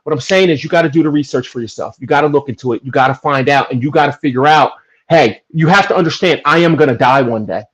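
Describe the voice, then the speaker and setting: A man from New Jersey talking earnestly and emphatically in a casual podcast chat, making his case with animated bursts. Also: on the high side, fast talker, husky. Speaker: podcast guest. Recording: dull lo-fi audio.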